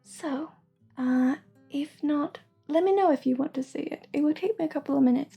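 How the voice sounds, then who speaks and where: A woman from Sweden hosting a casual livestream, soft-spoken and giggly, often slipping into a whisper. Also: high-pitched, moderate pace, vocal fry, highs cut off, soft background music. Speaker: livestream host and intuitive reader. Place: home room with shelving.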